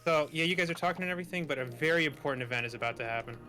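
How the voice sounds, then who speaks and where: A man commentating live on his own speedrun, excitable and gushing as he explains tricks. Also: on the high side, rapid-fire. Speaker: speedrunner showing his run. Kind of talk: live commentary over gameplay.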